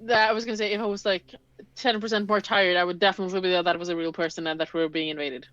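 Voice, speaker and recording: A woman's voice: fairly low pitch, steady tone, very fast, fairly bright tone, dry recording, muffled recording. A woman playing a tabletop game, earnest and enthusiastic in casual chat. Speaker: player. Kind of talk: tabletop role-play chat.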